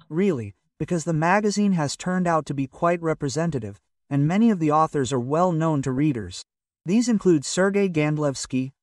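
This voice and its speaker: A man's voice: fairly high pitch, no room sound, studio quality, distant mic. An older man from Russia, a magazine publisher, talking in a hesitant, rambling way full of fillers in a casual interview.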